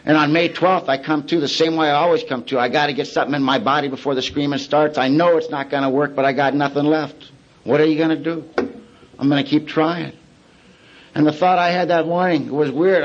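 A man's voice: a little high, lo-fi sound. Plain-spoken man telling his recovery story. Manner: colloquial, plain-spoken storytelling with dark humor. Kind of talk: personal testimony at a recovery meeting.

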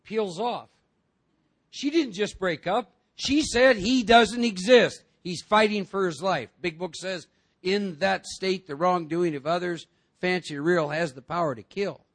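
A man speaking to a recovery group, animated and joking, acting out other voices as he talks. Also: high-pitched, a little slow. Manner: animated, acts out voices, jokes with the room.

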